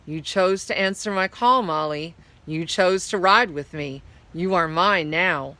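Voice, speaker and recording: A woman voicing a sinister male magic horse who calls and coaxes slowly. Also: on the low side, bright, forceful tone, no room sound. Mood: possessive. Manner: slow, coaxing, calling.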